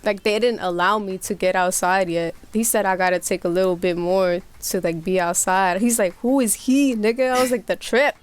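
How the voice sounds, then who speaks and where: A woman's voice: medium pitch, normal speed, few pauses, clear, resonant tone. Slangy young woman telling a wild story. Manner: animated storytelling with voiced quotes, slangy and profane. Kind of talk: casual chat.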